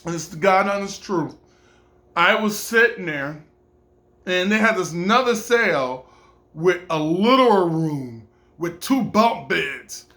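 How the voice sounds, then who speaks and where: A man's voice: high voice, expressive, slow, sharp tone. A man casually telling a personal story, acting out other people's voices and laughing often.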